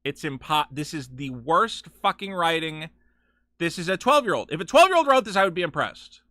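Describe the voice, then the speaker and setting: A man's voice: on the high side, sing-song, normal speed, pushed and bright, dry recording, clean studio sound. A man hosting a live game stream, ranting with profane, sarcastic commentary from his home setup. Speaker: streamer host.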